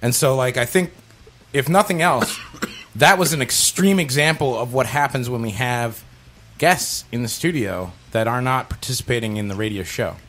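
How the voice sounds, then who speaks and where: A man's voice: mid-range voice, moderate pace, a bit bright. A man co-hosting a radio show in casual talk, blunt and emphatic with heavy swearing. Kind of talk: casual profane radio chat.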